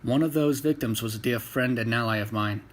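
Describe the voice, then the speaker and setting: A man's voice: mid-range voice, a little fast, a little hiss or hum, natural voice. Formal grieving warrior, read by a man, plain voice, story reading. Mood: solemn.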